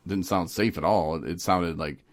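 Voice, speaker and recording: A man with a very low, deep voice hosts a casual podcast. He tells stories in an animated, lively way, laughs often and slips into other voices as he goes. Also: moderate pace. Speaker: podcast host. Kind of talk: casual recovery podcast chat.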